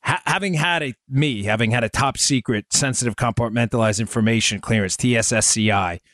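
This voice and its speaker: A man's voice: medium pitch, fairly quick, a bit bright, no echo, clean studio sound. Emphatic, sarcastic man in his forties. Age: 40s. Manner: storytelling, addresses listeners as folks. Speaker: podcast host. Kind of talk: political commentary podcast.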